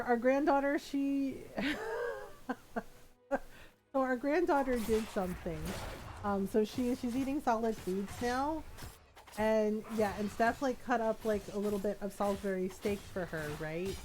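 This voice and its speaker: Middle-aged woman streamer, fairly high voice, loose rambling storyteller who laughs a lot and keeps checking "right?". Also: animated, takes it slowly, darkish tone, slight background noise, rough recording. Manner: rambling, filler-heavy, laughs often, tags "right?". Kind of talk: casual storytelling to stream chat.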